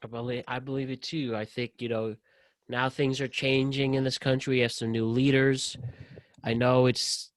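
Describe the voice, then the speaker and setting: A man's voice: medium pitch, normal speed, no echo. A man hosting a podcast in a loose, joking way, chatting easily with his guest. His voice sits mid-range and sounds close and dry, with no room around it. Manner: joking, loose, animated storyteller. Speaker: podcast host. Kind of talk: casual interview chat.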